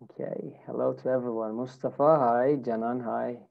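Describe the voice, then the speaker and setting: A woman's voice: extremely low pitch, fairly even intonation, normal speed, creaky, dull audio. A woman teaching English in a live online lesson, greeting her students by name in a friendly way.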